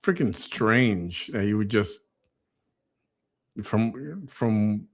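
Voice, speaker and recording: A man's voice: fairly low pitch, animated, very slow. A man musing in a bemused way, commenting on a replayed clip.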